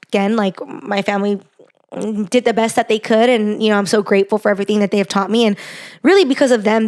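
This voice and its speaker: A young woman hosts her own podcast and tells a personal story. Her talk is loose and chatty, peppered with fillers, and it turns sincere and heartfelt as she reflects. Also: medium pitch. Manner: chatty, heartfelt, lots of "like" and "you know". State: gets emotional. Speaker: podcast host.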